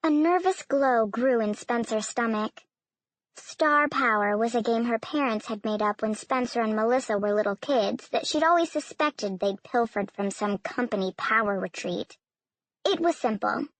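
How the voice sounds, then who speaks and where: A woman narrating an audiobook in an even, storytelling manner. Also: a little high, moderate pace, no room sound. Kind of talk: scripted narration.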